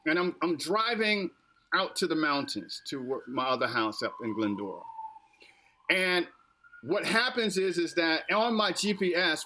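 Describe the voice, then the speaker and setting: A man's voice: high-pitched, pushed and bright. An American man hosting a podcast who lectures his listeners in a repetitive, preachy way. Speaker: podcast host. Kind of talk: casual political podcast talk.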